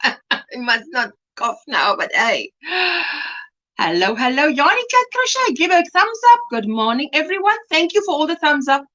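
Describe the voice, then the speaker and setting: A woman's voice: high voice, very animated, normal speed, sharp tone, dull audio. A woman from South Africa hosting a casual crochet livestream, greeting viewers by name and reading out chat comments.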